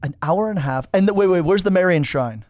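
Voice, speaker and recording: A man's voice: high-pitched, fast, a little mellow, no room sound, clean studio sound. A man, a priest, interviewing a guest in a joking, playful way, often trailing off mid-sentence. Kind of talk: casual chat.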